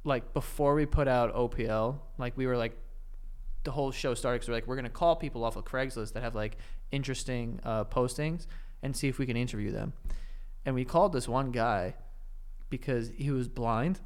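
A man co-hosting a podcast in casual chat, laid-back and joking, quick to laugh. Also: mid-range voice, clear, resonant tone. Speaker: podcast co-host.

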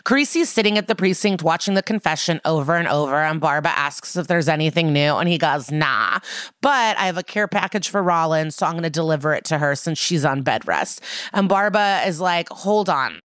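A woman's voice: low voice, brisk, a bit bright, no echo, clean studio sound. A woman co-hosting a podcast, recapping a TV episode in casual chat, swearing freely and acting out the characters' lines. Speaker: podcast co-host.

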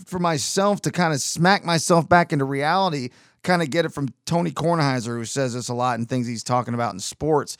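A man's voice: a little high, brisk, no room sound, studio quality. A man talking in a casual, rambling monologue, exasperated and full of restarts.

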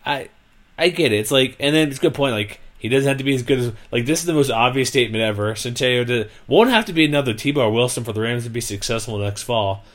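Animated young-sounding man ranting about football. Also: mid-range voice, quick pace. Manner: animated, exasperated, rambling with fillers. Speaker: sports podcast host. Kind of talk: casual sports talk.

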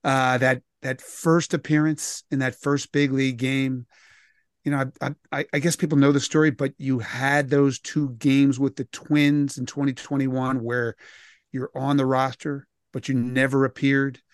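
A man's voice: medium pitch, flat delivery, measured pace, clean tone, no echo, clean studio sound. A man hosting a casual talk-radio interview, playful and jokey, laughing often as he asks questions. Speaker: radio show host.

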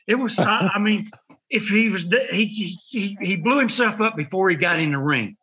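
A man's voice: sits high, expressive, normal speed, pushed and bright, husky, highs cut off. A man telling rambling stories in casual chat, acting out voices and sound effects. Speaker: wrestling podcast host telling stories.

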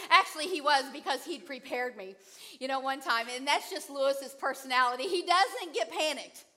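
A middle-aged woman preaches a sermon in a high, bright, lively voice. She animatedly recounts a personal story, acting out her own fright and her husband's calm replies, letting her pace speed up and then slow down.

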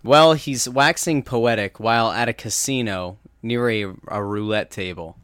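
A man's voice: lowish voice, a little slow, a bit bright, clear, resonant tone, dry recording. A man in his thirties cutting in with teasing jokes during casual podcast chat. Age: 30s. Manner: wisecracking, teasing interjections.

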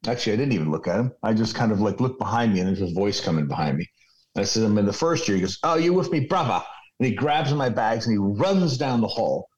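Veteran radio man, 60s, lowish voice; loose, profane storyteller on a video call. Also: expressive, quick pace, darkish tone, highs cut off. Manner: rambling, profane anecdotes. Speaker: radio program director guest. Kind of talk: storytelling interview.

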